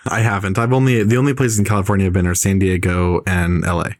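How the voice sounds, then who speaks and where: A man's voice: low voice, level tone, quick pace, no echo, studio quality. A man hosting a casual podcast chat, talking at length and rambling with lots of fillers. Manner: talkative, rambling with many fillers. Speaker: podcast host.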